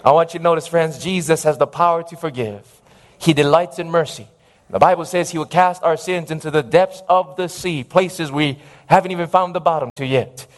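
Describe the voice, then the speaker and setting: High-voiced emphatic male preacher. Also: normal speed. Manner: emphatic, calls for audience amens. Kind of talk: sermon.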